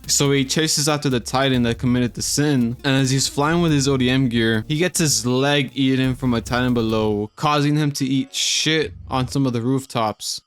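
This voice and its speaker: A man hosting an anime reaction video in casual commentary, excitable and swearing freely. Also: medium pitch. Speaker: YouTube anime reaction host.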